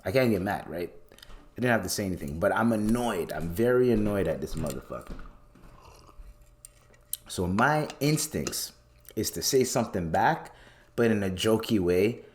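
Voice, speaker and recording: A man in his late twenties hosting a podcast, telling a story as a casual, profane rant. His voice leaps up high whenever he gets worked up. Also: lively intonation, moderate pace, long pauses. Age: late 20s. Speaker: podcast host.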